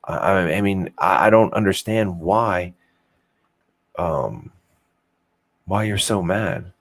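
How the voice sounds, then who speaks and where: Casual podcast host, young man with a low voice, loose and rambling, profane, self-mocking humor. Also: slow. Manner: swears freely, rambling, self-deprecating. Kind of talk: casual unfiltered chat.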